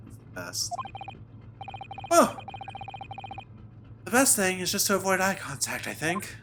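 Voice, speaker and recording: A man's voice: sits high, huge pitch swings, a little slow, noisy background. A man streaming a game, casually chatting, giggling and rambling as he reads dialogue aloud. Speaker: gaming streamer. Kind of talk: casual let's play commentary.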